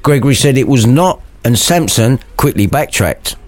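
A man's voice: mid-range voice, lively intonation, moderate pace, hardly any pauses, darkish tone, no echo. A man retelling a classic story as a crude, irreverent comedy, full of sweary asides.

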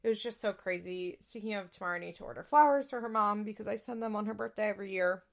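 A woman's voice: medium pitch, fast, creaky. A young woman hosting a podcast, chatting candidly about a reality show and swearing freely. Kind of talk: casual chat recapping a reality show.

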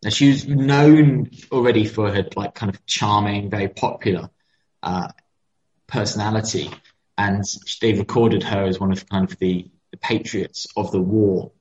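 A man with a lowish voice tells history stories in a relaxed podcast chat, often pausing and starting over as he goes. The sound is muffled and lo-fi, its highs dulled. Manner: hesitant, many fillers and restarts, storytelling. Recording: dull lo-fi sound.

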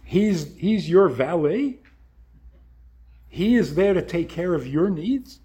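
A man's voice: high-pitched, animated, takes it slowly, dark tone. A man voicing a sincere middle-aged male minister who asks earnest questions.

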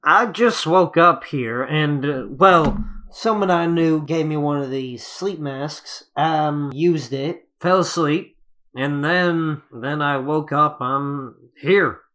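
A man's voice: a little high, slow, fairly bright tone. A man playing in a tabletop game, hesitant and full of ums, who swears when things go wrong. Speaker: player. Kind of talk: casual tabletop play.

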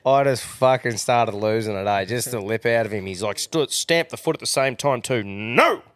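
A man's voice: mid-range voice, no echo. A man hosting a podcast, chatting casually, swearing often and laughing easily. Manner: laid-back, heavy swearing, quick to laugh. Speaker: podcast host. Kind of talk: casual chat.

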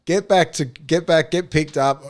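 A man's voice: a little high, a little slow, a little mellow. A man with an Australian accent, a former rugby league player, telling rambling, profane anecdotes with frequent laughter in a casual podcast chat.

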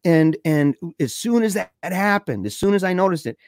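A young man telling a scary story in a casual way, excited and slangy, saying dude and man a lot. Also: sits high, moderate pace, no room sound, clean studio sound.

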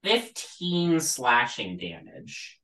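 Game master narrating a tabletop fight, bright voice, lots of ums, echoey room. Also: mid-range voice, sing-song. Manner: halting, lots of ums and likes.

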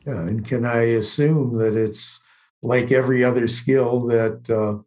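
A man's voice: mid-range voice, steady tone, measured pace, a little mellow. A man hosting a podcast, a clinician who speaks thoughtfully and with appreciation. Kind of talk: podcast interview.

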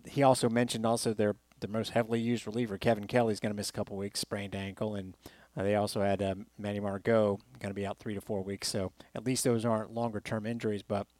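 A man's voice: fairly low pitch, level tone, quick pace, darkish tone, no room sound. A man hosting a sports talk podcast, rambling through baseball memories with fillers and restarts. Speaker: sports radio host.

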